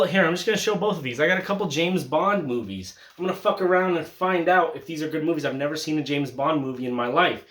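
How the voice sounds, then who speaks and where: A young man chatting casually about his film collection, joking, swearing freely and laughing often, with sudden loud bursts of excitement. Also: on the high side. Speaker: collector showing his Blu-ray haul. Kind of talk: casual chat vlog. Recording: echoey room.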